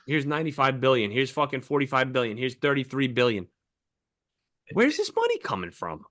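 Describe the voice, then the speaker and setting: A man's voice: medium pitch, huge pitch swings, brisk, fairly bright tone, dry recording, clean studio sound. A man co-hosting a podcast, ranting heatedly and swearing a lot in casual chat. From United States. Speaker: podcast co-host.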